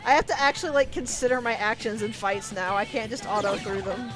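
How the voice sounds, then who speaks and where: Her voice is fairly high and fairly quick as she chats through a let's-play, game music running behind her. This gaming streamer thinks aloud casually and keeps dropping "like" into her sentences.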